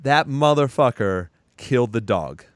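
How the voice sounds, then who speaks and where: A man casually retelling a horror movie's plot as a podcast co-host, animated and profane, acting out bits of dialogue. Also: mid-range voice, unhurried, no room sound, clean studio sound. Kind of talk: casual movie recap chat.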